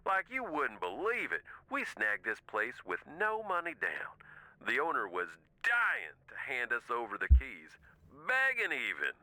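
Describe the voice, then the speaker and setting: An actor voicing a wisecracking young husband with a Southern US accent, drawling and joking in folksy slang. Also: male voice, medium pitch, huge pitch swings, a little slow, bright, forceful tone, dry recording, exaggerated voice, rough recording. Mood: easygoing.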